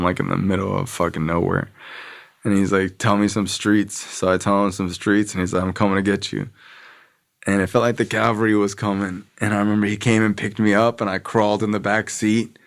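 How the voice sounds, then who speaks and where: A man's voice: lowish voice, creaky. A young man from Florida, a podcast guest, telling a story in a casual, profane way and acting out what others said.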